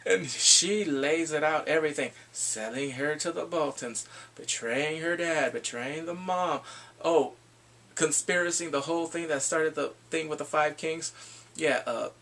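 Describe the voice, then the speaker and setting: A man casually recapping a TV episode in an excitable, rambling way, full of "like" and restarts. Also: fairly high pitch, measured pace. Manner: excitable, rambling storytelling with frequent "like". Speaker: TV show reviewer.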